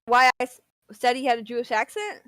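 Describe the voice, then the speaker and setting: A woman with an East Tennessee accent chats loosely on a livestream, giggling and restarting her sentences. Her voice sits a little high. The sound is dry and close. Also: big pitch swings, a little fast, fairly bright tone, no echo. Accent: East Tennessee Southern. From near Washington DC, raised in Tennessee. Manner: giggly, rambling, with many fillers and restarts. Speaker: livestream guest. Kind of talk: casual livestream chat.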